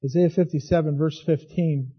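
A man preaching a sermon as pastor, swinging from hushed to loud. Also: a little high, fairly even intonation, moderate pace, slightly rough, dull audio.

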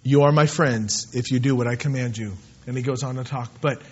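A man's voice: mid-range voice, steady tone, fairly quick, hardly any pauses, breathy edge. Emphatic preacher man, dull recording. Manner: emphatic, swings between soft asides and loud bursts. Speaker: pastor. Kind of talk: sermon.

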